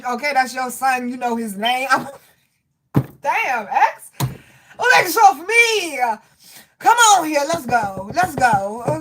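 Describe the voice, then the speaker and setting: A woman giving a live medium reading, talking casually with spirits, laughing often and swinging between loud outbursts and soft murmurs. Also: high voice, slight background noise. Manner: casual, slangy, chatty.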